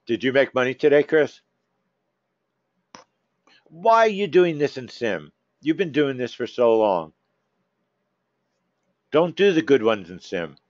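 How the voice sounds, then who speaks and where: Animated man coaching his trading room. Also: medium pitch, a little slow, long pauses, no room sound. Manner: animated, coaxing, teasing members by name. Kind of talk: live chat with trading room members. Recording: dull, dry lo-fi stream audio.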